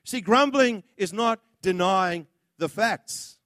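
A man's voice: sits high, slow, a bit bright, no echo, clean studio sound. A man preaching a sermon, blunt and impassioned, acting out the words of others as he goes.

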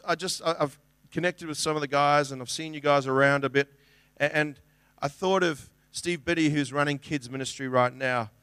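A middle-aged man preaching to his congregation in an earnest, conversational way. His voice sits a little high for a man, and the sound is dry and close, with no room echo. He often restarts sentences and acts out little quotes. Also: pushed and bright. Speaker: pastor. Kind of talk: sermon.

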